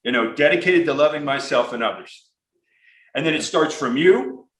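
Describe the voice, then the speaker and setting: A man's voice: fairly high pitch, lively intonation, normal speed, a bit bright, roomy sound, low-quality recording. A man hosting a podcast interview, talking in an earnest, rambling, profane way with lots of restarts. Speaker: podcast host. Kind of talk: casual conversational interview.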